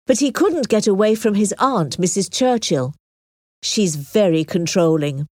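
A woman voicing a genial, chatty middle-aged gentleman in an audiobook story, talking affectionately. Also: medium pitch, animated, unhurried, dry recording, clean studio sound, close to an everyday voice.

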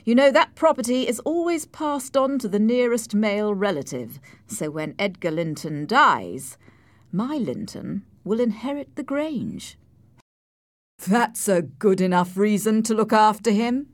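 A woman's voice: medium pitch, animated, measured pace, dry recording, pitched above the performer's own voice, close to an everyday voice. A woman voicing a harsh, scheming male landowner in an audiobook, speaking in a commanding, cold and sarcastic way. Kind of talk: audiobook character reading.

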